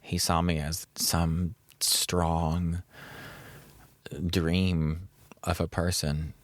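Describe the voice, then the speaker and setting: A man's voice: deep voice, level tone, very slow, no echo. A man hosting a podcast, telling a personal story in an earnest, reflective way and drawing out key words. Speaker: podcast host.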